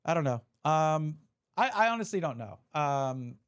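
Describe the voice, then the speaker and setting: A man's voice: fairly high pitch, sing-song, unhurried, smooth. A man live-streaming, chatting casually and reading out viewer messages as he opens card packs. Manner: chatty, reads chat aloud, restarts often.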